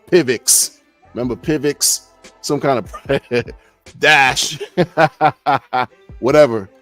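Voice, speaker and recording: A man's voice: mid-range voice, extremely slow, long pauses, a bit bright, no room sound, soft background music. A middle-aged man hosting a live podcast, rambling loosely and filling his talk with "man" and "you know". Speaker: podcast host. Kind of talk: casual live-stream rambling.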